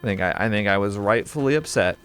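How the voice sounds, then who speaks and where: A man playing a horror game and rambling through a story in casual let's-play commentary, with quick exclamations. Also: fairly low pitch, animated, a bit bright, clean tone. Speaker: gaming YouTuber.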